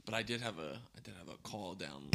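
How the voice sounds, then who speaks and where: A young man co-hosting a podcast, chatting casually in an animated, quick way with lots of fillers and laughs. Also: sits low, creaky, background noise. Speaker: podcast co-host. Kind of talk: casual chat.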